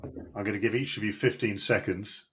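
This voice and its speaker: A man's voice: on the low side, fairly even intonation, moderate pace, a bit bright. A man from the East Midlands hosting a casual quiz, upbeat and jokey as he poses questions. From East Midlands, England. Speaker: quiz host. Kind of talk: casual chat.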